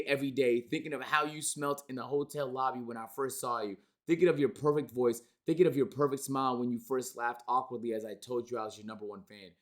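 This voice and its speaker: A man's voice: medium pitch, lightly acted. A male streamer reading aloud, voicing a clingy, obsessed male superfan with pleading, overwrought delivery. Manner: pleading, overwrought, then shouting in anger.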